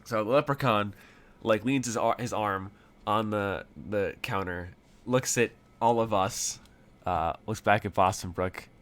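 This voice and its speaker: Low-voiced man narrating a tabletop game. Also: measured pace, fairly bright tone. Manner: rambling, hesitant, many fillers. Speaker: game master.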